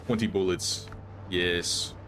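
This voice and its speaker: A man's voice: low voice, steady tone, slow, fairly bright tone, soft background music. A young man streaming a survival game, chatting casually and thinking aloud with frequent restarts. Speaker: gaming streamer. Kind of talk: casual live gameplay commentary.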